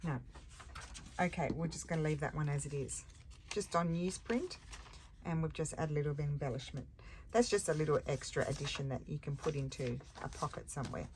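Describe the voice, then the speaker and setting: Her voice is deep, steady, brisk and somewhat dark as this crafting vlogger talks through a casual session at her table, thinking out loud and fixing her own words as she goes. Crafting clicks sit in the clear background noise of the recording.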